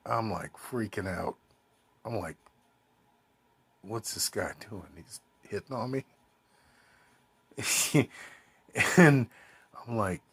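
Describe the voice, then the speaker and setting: A man with a lowish, slightly bright, very husky voice rambles through a personal anecdote, swearing casually and quoting other people along the way.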